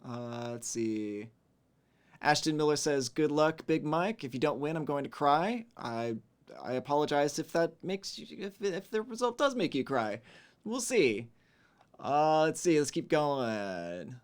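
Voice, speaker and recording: Relaxed male stream host with a slightly raised voice, reading chat aloud in a chatty tone. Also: fairly high pitch, unhurried, clear, resonant tone. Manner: relaxed, chatty, hums to himself between messages. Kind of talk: casual livestream chat.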